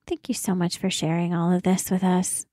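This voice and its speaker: A woman's voice: lowish voice, little pitch movement, normal speed, mellow, no room sound. Thoughtful woman, dry close podcast voice. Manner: thoughtful, affirming, searching for words. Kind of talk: conversational podcast talk.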